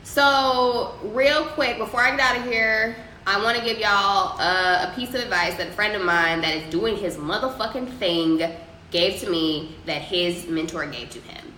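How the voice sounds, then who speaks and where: Reading out viewer comments on her casual livestream, this young woman dispenses loose advice laced with profanity. She speaks unhurriedly in a medium pitch, her tone pushed and bright, in an echoey room with faint ambient noise.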